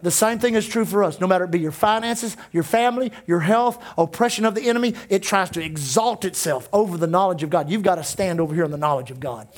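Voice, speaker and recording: A man's voice: high voice, quick pace, hardly any pauses. A man in his sixties preaching a sermon as pastor, emphatic and full of repeated declarations.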